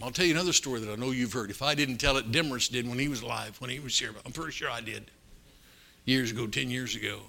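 An older man preaching a sermon, telling stories in a folksy, animated way with sudden loud bursts. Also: medium pitch, gravelly. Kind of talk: storytelling sermon.

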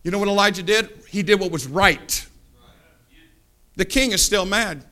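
A man preaching a sermon, fervent, swinging from low asides to loud climaxes and acting out Bible characters as he tells the stories. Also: lively intonation, moderate pace. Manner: acts out Bible characters in the telling.

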